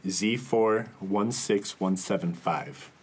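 A man telling a story on a casual podcast, halting with ums and laughing often. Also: fairly low pitch, a little mellow, husky.

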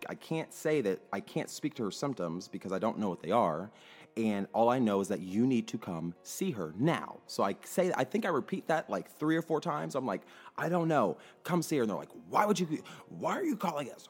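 A man telling a story in a casual, emphatic monologue, now and then cursing. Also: on the low side. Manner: animated, emphatic, swears freely. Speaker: clinic worker telling a story.

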